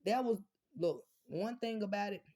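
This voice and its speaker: A woman's voice: mid-range voice, normal speed, mellow. A woman chatting casually with her viewers from home, blunt and profane, rambling from one thought to the next as she speaks straight to them. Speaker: vlogger talking to viewers. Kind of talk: casual unscripted livestream chat.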